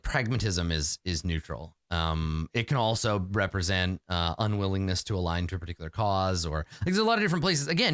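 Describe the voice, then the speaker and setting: A man hosts a tabletop game show, talking loosely and laughing often. His pitch moves up and down freely. The sound is dry and close. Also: fairly bright tone, dry recording. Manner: laughs often, hesitant with fillers. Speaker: game master and host. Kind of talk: casual podcast chat.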